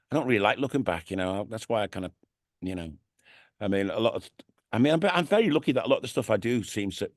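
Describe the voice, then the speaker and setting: Chatty Liverpool man, low voice, dry sound. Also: no echo. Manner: chatty, rambling, peppered with "you know what I mean". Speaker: radio DJ and TV presenter, interview guest. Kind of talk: casual interview chat. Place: radio studio.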